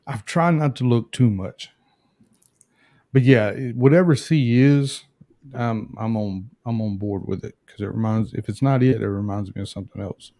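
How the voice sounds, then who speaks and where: Male guest, warm mellow voice, dry close sound, hesitant delivery. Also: on the low side, unhurried, long pauses, no echo. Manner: hesitant, self-correcting. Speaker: guest taster. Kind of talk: casual chat.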